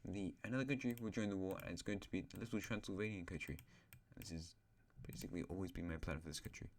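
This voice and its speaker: A man's voice: deep voice, fast talker, a little hiss or hum. A male host casually narrating an alternate-history map, rambling with asides and correcting himself.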